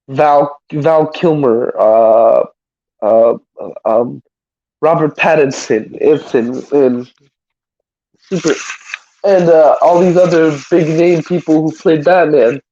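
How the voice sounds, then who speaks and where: A man's voice: fairly high pitch, mellow, dull audio. A man hosting a live stream, chatting casually about movies in a rambling way, often stammering and restarting.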